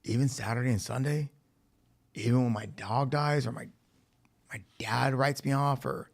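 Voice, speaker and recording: At a recovery facility meeting, a man with a gravelly, medium-pitched voice tells his recovery story at a moderate pace. His testimony is frank, with swearing and dialogue he acts out.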